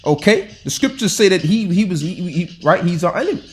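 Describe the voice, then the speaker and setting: High-voiced man preaching, hectoring. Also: lively intonation, fairly quick. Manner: hectoring, repeats himself with rhetorical questions; loose, colloquial delivery with frequent restarts. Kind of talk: informal scripture-reading sermon.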